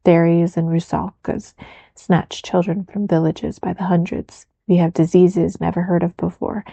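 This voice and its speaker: A woman voicing a stern, grumbling male castellan in a soft whispered role-play reading. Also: lowish voice, level tone, normal speed, vocal fry, breathy edge, dry recording, muffled recording. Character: gruff wary male castellan, stern official.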